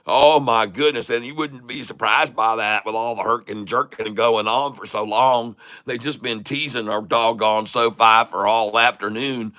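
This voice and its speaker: A Southern country man with a folksy, teasing way of talking hosts a stock-trading livestream. He chuckles his way through the commentary, and his voice comes across bright and forceful. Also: medium pitch, fairly even intonation, normal speed, few pauses.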